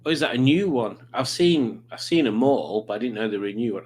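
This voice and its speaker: A man's voice: medium pitch, animated, a little fast, darkish tone. A man chatting casually on a livestream, rambling and reading out viewer comments. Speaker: livestreaming YouTuber.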